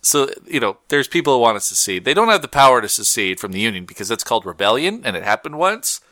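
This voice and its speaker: In casual chat on the talk show he co-hosts, the man rambles, laughs a lot, and corrects himself mid-thought. His medium-pitched voice is sing-song, fast, and sharp, in a studio-quality recording without echo.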